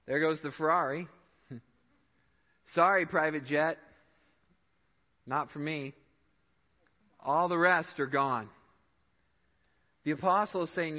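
A man's voice: high-pitched, moderate pace, pauses often. A man preaching a sermon as a church pastor, emphatic, his voice climbing and dropping to stress his points. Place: church sanctuary. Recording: dull sound in a reverberant hall.

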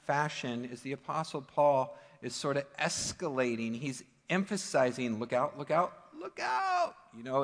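Emphatic pastor preaching in reverb. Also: male voice, medium pitch. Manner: conversational, emphatic preaching with asides. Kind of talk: sermon. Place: church sanctuary. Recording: church sanctuary with long reverb.

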